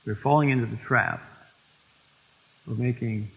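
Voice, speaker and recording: Preacher guy, mid-pitched voice, sermon in a big echoey church. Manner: storytelling, slows for emphasis on scripture. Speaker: pastor. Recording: long reverb of a church hall.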